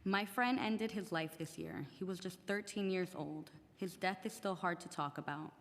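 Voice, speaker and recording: In a council chamber, a teen girl testifies as a student, earnestly reading a prepared statement in English, not her native language. She speaks with a lowish voice at normal speed, and a long reverb from the large room surrounds her.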